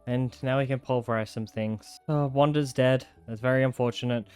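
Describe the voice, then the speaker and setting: A young man giving live let's-play commentary, chatting to himself with sudden excited outbursts. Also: medium pitch, normal speed, clear, resonant tone, faint music behind. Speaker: gaming content creator.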